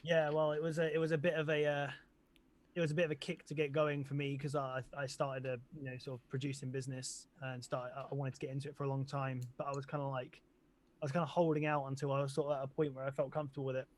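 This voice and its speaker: A man's voice: medium pitch, fast. A man with an English accent, a band's singer and producer, chatting loosely in an interview with lots of ums and likes. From England. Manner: relaxed, rambling, many ums and likes. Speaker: band vocalist and producer. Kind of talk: casual interview chat.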